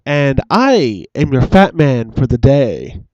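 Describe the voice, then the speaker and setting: A man's voice: medium pitch, sing-song, takes it slowly, darkish tone, highs cut off. A man co-hosting a casual webcam chat show, joking and mocking himself, recorded on a cheap desk microphone. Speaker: co-host and editor.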